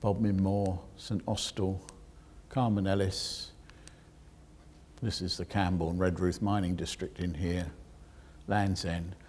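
A geoscientist giving a public lecture, explaining technical details with dry asides to the audience. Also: male voice, deep voice, level tone, takes it slowly, long pauses, darkish tone, slightly rough.

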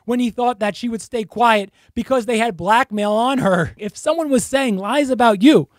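A man's voice: extremely high pitch, normal speed, dry recording, studio quality. A man narrating analytical commentary over video clips, with a pointed, accusing tone. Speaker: body language commentator.

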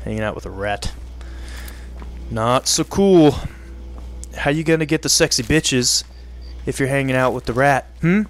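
A man giving joking let's-play commentary, partly in character, often laughing and yelling at enemies. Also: mid-range voice, unhurried, long pauses. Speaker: gaming video creator.

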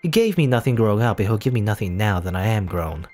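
A man's voice: fairly low pitch, very animated, quick pace, a little mellow, soft background music. Man reading as a bitter young woman. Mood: contemptuous. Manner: cold, contemptuous. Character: bitter young woman rejecting her father.

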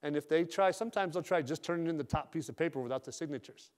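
A man's voice: on the high side, fast talker. A man speaking as a sales manager at a company retreat, giving a direct, joking, casual motivational talk.

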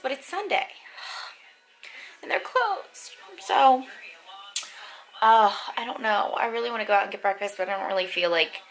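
A woman's voice: medium pitch, fairly bright tone, slight background noise, rough recording. A woman in her twenties chatting casually to camera at home in a vlog, filling her talk with "like" and "um". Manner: chatty, filler-heavy, says "like" a lot. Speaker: lifestyle vlogger and young mother.

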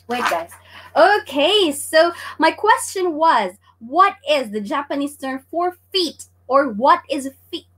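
Woman, livestream teacher, high and bright, chatty, giggly, greets chat. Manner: bubbly, laughs often, greets chat viewers by name. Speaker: online Japanese teacher. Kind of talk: livestream lesson, chatty quiz hosting.

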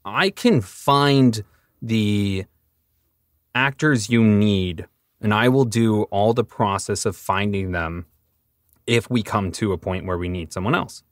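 Guy with a lowish voice telling voice acting stories on a podcast, acts out the conversations, dry close mic. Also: takes it slowly, dry recording. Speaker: voice actor guest. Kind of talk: casual podcast interview.

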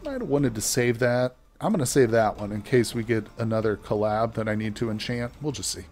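A man's voice: lowish voice, fairly quick, a little mellow. A man giving casual, chatty gameplay commentary as a let's play host, joking with his viewers as he plays.

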